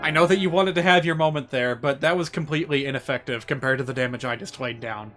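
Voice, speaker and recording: A man streaming a video game, chatting in an excitable, rambling way with lots of asides. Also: medium pitch, fast talker, soft background music. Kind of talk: casual gaming commentary.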